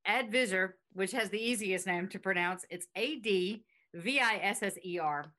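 A woman's voice: mid-range voice, moderate pace, bright, forceful tone. A woman hosting a podcast in casual chat, reading out facts and quotes with chatty asides. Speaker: podcast host.

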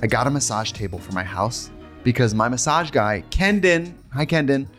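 A man's voice: mid-range voice, moderate pace, soft background music. A man co-hosting a podcast in casual, chatty conversation, now and then singing a snippet. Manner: chatty, animated, sings snippets. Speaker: podcast co-host. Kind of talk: casual chat.

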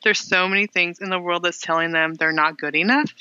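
A woman's voice: on the low side, steady tone, fairly quick, bright, forceful tone, clear, resonant tone, no room sound. A middle-aged woman, a guest author, chatting earnestly in an interview and laughing often between phrases. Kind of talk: casual interview chat. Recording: dull lo-fi sound.

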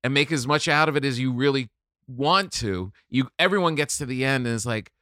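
A man's voice: mid-range voice, fairly quick, sharp tone, no echo, studio quality. A man who is a guest comedian on a podcast, chatting candidly about his feelings and laughing often. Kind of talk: casual chat.

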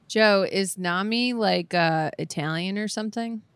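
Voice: mid-range voice, a little slow, a bit bright, smooth, no room sound. A podcast panelist making blunt, curious interjections in casual chat.

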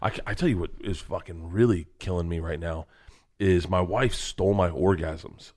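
A man with a low voice chats casually as a podcast guest. He tells profane stories in a rambling way, stammering and restarting often before the punchline lands. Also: fairly even intonation, normal speed, darkish tone. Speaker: comedian guest.

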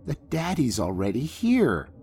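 A man voicing a dreamy little girl who senses ghosts, speaking with quiet certainty. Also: mid-range voice, huge pitch swings, a little slow. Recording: faint music bed behind.

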